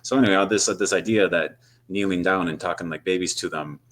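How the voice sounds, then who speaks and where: A deep-voiced man speaking as a guest in a casual interview. He talks thoughtfully, searching for words with frequent "uh" and "um". His tone stays relaxed and conversational. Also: fast talker. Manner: thoughtful, with many fillers such as "uh" and "um". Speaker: guest, high school English teacher.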